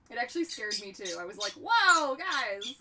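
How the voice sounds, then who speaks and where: A woman's voice: mid-range voice, very fast. Chatty young woman livestreaming from afar. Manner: chatty and animated, talks to her pets. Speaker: livestream host. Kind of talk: casual livestream chat. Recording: distant mic with background noise.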